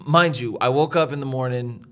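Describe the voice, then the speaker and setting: A man's voice: medium pitch, moderate pace. A young man co-hosting a podcast, telling a family story in casual chat, laughing often and acting out other people's lines. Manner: animated storyteller, laughs often, acts out his wife's lines. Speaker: podcast co-host.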